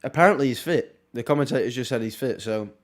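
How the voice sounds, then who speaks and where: A young Englishman talks through a football match live for his viewers, casual and chatty. He throws in wry asides and quick reactions between passages of play, in an ordinary mid-pitched voice. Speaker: watchalong streamer.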